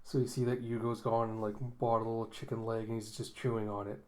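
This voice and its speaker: A man's voice: on the low side, flat delivery, brisk, darkish tone. Casting: easygoing man narrating comic panels, loose and chatty, plenty of "uh" and "like". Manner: rambling, many fillers and chuckles. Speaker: manga readthrough host. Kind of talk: casual reading commentary.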